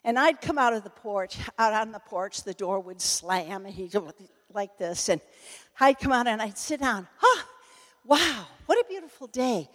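A woman's voice: medium pitch, normal speed. An older woman telling humorous personal anecdotes to an audience, laughing and breaking off mid-sentence as she goes. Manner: animated, laughing, self-interrupting. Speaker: storyteller speaking to an audience. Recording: echoey hall.

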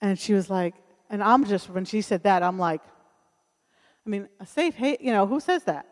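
A woman's voice: medium pitch, normal speed. Woman preaching in a reverberant hall. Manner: earnest storytelling, acts out quoted voices. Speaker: speaker at a church service. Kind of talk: sermon with personal testimony.

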